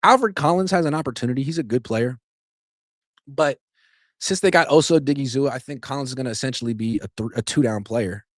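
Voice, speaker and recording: Animated sarcastic man, dry close mic. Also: mid-range voice, fast talker, dry recording. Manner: animated, sarcastic, swings loud for emphasis. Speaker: sports podcast host. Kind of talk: opinionated solo sports commentary.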